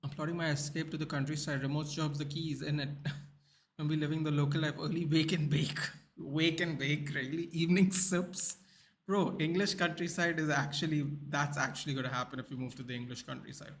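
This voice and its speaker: A man's voice: on the high side, fairly quick, a little hiss or hum. Chatty Indian-accented man saying dude. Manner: loose and chatty, says dude a lot, excitable reactions. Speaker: livestream host. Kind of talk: casual watchalong chat, reading viewer comments.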